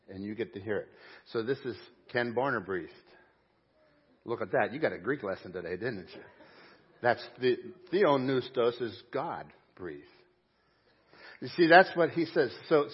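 A man with a husky, medium-pitched voice preaches from a church sanctuary. He speaks emphatically, adds homespun asides, and breathes in audible huffs, on a recording that comes across dull and muffled.

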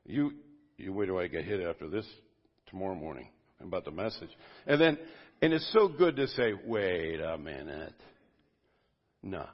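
A man, a pastor, giving an informal sermon to a men's group at a church service, talking conversationally and swinging from loud bursts to quiet asides. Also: low-pitched, animated, fairly quick. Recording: dull lo-fi sermon audio.

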